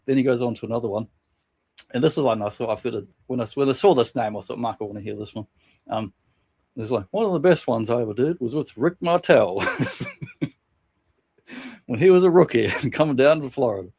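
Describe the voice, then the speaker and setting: A man co-hosting a casual podcast, reading and retelling funny anecdotes from a book, laughing often and doing quick voices for quotes. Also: mid-range voice. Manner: laughs often while telling stories, animated voices for quotes. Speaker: podcast co-host.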